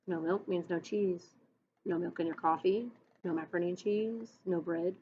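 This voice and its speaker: A woman's voice: fairly low pitch, steady tone, moderate pace, husky. A woman teacher giving a recorded lesson, patiently explaining to children, on a dull lo-fi recording. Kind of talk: recorded class lesson and read-aloud.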